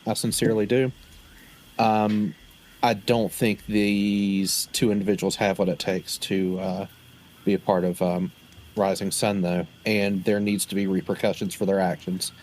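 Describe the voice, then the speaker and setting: A man playing a tabletop role-playing game, speaking in character in a measured, formal way with many fillers. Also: on the low side, little pitch movement, darkish tone, a little hiss or hum. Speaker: player.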